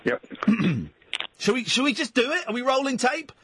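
Male late-night radio host, high animated voice, bossy and exasperated, laughs easily, studio mic. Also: moderate pace, husky, dry recording. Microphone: studio microphone.

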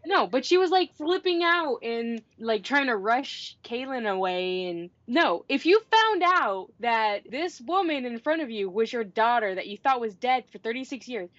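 A woman's voice: fairly high pitch, expressive, normal speed, few pauses, no echo. A woman co-hosting a casual chat about a TV episode, blunt and critical, swearing now and then. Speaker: podcast co-host. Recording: dull lo-fi sound.

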